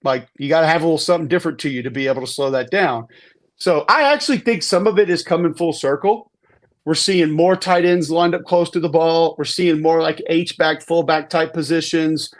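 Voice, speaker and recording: A man with a fairly high voice talks football in a loose podcast chat. He is emphatic and keeps circling back, repeating words and restarting sentences as he makes his case. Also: fairly quick. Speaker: football analyst guest. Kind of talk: casual sports podcast talk.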